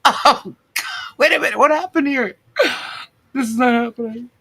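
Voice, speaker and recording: A woman's voice: a little high, moderate pace, bright, forceful tone, husky. A woman hosting a live online show, laughing constantly as she reads out viewer comments. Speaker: livestream host.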